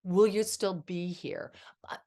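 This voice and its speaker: A woman's voice: mid-range voice, fairly even intonation, slow. Middle-aged woman, therapist on a podcast, storytelling voice, acts out quotes. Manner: warm storytelling with acted quotes. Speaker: therapist guest. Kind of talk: podcast conversation.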